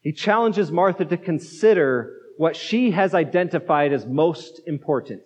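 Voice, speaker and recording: A man with a fairly high voice preaches to his congregation, talking through the point conversationally and leaning on rhetorical questions. His voice hangs in the long reverb of a church sanctuary, and the recording sounds muffled and low in fidelity. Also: expressive, measured pace, hardly any pauses. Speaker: pastor. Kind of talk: sermon.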